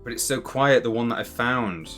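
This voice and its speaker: A man's voice: medium pitch, moderate pace, a bit bright, soft background music. A man hosting a live stream, chatting casually and rambling with amusement about clips he plays. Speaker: streamer host.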